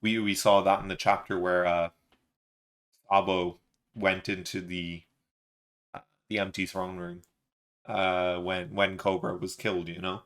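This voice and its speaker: Man, lowish voice, live manga reaction, reads along, lots of uhs and ums. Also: little pitch movement, a little slow, long pauses, a bit bright. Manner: reads panels aloud with offhand quoted lines, many fillers.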